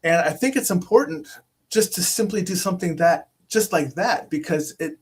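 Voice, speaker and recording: A man chatting casually as a guest over a video call, telling rambling, animated stories with many restarts. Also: high-pitched, normal speed, breathy edge. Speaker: podcast host appearing as guest. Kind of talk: casual chat.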